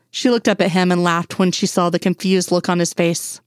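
A woman narrating a fan fiction story in a steady, measured way. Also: lowish voice, smooth, no room sound, studio quality. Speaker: audiobook reader.

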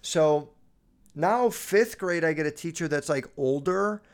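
A man's voice: on the high side, measured pace. Rambling, foul-mouthed young man. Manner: crude, rambling, swears constantly. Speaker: podcast host. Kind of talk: casual storytelling monologue.

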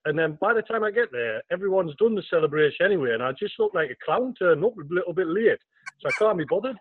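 A man telling a quick, amused story from his days as a goalkeeper. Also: high voice, big pitch swings, slightly rough, no echo, phone-quality sound. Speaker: former goalkeeper guest. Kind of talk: casual anecdote telling.

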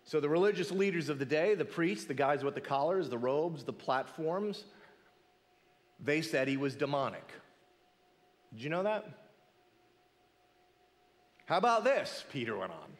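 A man preaching a sermon, his voice pitched a little high and swinging widely as he fires off rhetorical questions. He drops to a hush to land a point. The sound carries a long reverb from a large hall. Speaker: pastor.

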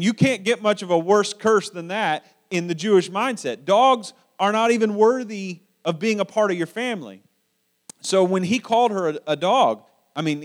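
A middle-aged, paternal-sounding pastor with a notably high-pitched voice delivers a sermon. He speaks in a relaxed, conversational way, often stumbling and repeating words as he searches for his phrasing.

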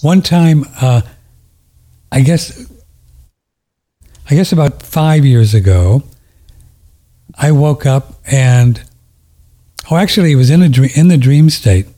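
A man hosting a casual conversation, telling gentle stories and often repeating words. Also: medium pitch, expressive, slow, long pauses. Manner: warm-hearted, repeats words, soft-spoken stories.

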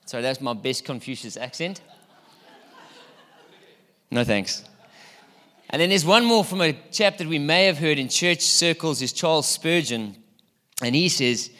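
Middle-aged guy preaching, bright kinda high voice, playful and chatty, long hall echo. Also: expressive, unhurried, long pauses. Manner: playful, chatty, quizzes the congregation. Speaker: pastor. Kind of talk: sermon.

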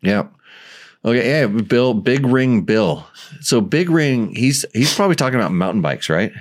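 A man's voice: medium pitch, expressive, normal speed. A man hosting a casual podcast chat, talking with enthusiasm and frequent restarts. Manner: rambling, enthusiastic, many restarts. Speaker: show host.

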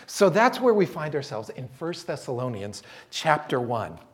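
A man's voice: a little high, very animated, normal speed. A man preaching a sermon as a pastor, conversational and storytelling, voicing quotes from people he talks about.

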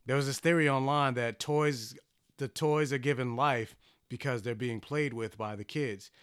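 A man's voice: medium pitch, steady tone, normal speed, a bit bright, smooth, dry recording. A man co-hosting a casual podcast, speaking in a dry, teasing manner. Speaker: podcast co-host.

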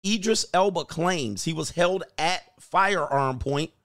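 A man's voice: on the high side, slow pace, no echo, studio quality. Joking man riffing on news. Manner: loud, joking, slangy, reads articles aloud. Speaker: livestream host. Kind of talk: casual commentary on news.

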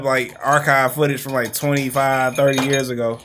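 A man's voice: mid-range voice, steady tone, a little fast, hardly any pauses, a bit bright, slight background noise. Rambling man on a casual podcast. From Detroit. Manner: rambling, heavy fillers and profanity. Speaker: podcast co-host. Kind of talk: casual chat.

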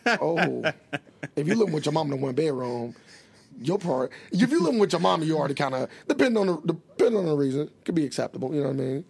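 Boisterous male podcast co-host with a gravelly, husky tone and rowdy humor. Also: fairly high pitch, very animated, fast talker, darkish tone. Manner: boisterous, crude joking, laughs often. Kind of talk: casual podcast chat.

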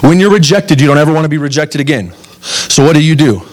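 A man's voice: on the high side, fast talker. A man in his thirties preaching a sermon in an earnest, conversational way, putting direct questions to his listeners. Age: 30s. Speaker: pastor.

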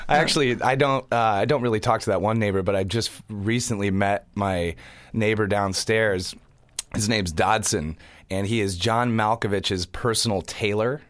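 A man guesting on a podcast, trading deadpan, self-mocking jokes in casual banter. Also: on the low side, unhurried, long pauses, no room sound. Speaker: comedian guest. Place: podcast studio.

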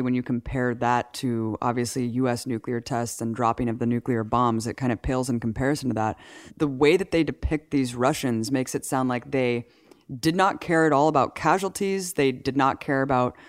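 A woman co-hosting a podcast in casual chat, animated and peppered with 'like'. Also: extremely low pitch, no room sound, studio quality. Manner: animated, heavy use of 'like'. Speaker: podcast co-host.

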